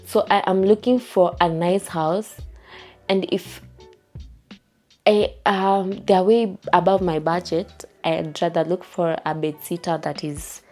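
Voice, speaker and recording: A woman's voice: lowish voice, fairly even intonation, slow pace, a little mellow, faint music behind. A young woman with a Kenyan accent, telling a storytime vlog from her home in a chatty, repetitive way. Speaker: vlogger. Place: her home while packing to move.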